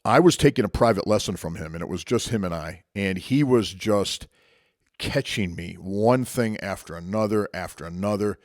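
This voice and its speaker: A man's voice: on the low side, moderate pace, no room sound, clean studio sound. A man telling a personal martial arts story as a motivational talk, conversational and reflective with frequent restarts.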